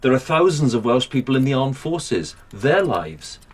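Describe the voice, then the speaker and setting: Husky low male narrator, dramatic, lively intonation. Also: moderate pace. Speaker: documentary narrator. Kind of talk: scripted narration.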